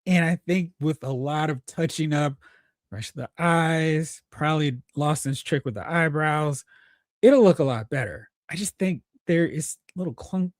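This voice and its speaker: A man's voice: on the high side, a little slow, dry recording, clean studio sound. A man hosting a live stream, chatting casually, thinking aloud and reading out viewer comments. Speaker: host.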